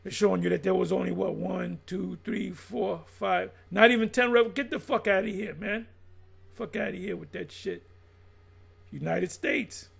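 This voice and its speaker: A middle-aged man with a high, gravelly voice, preaching in a blunt and profane way. He reads lines aloud, then riffs on them and calls out his listeners. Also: moderate pace, fairly bright tone. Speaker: religious teacher.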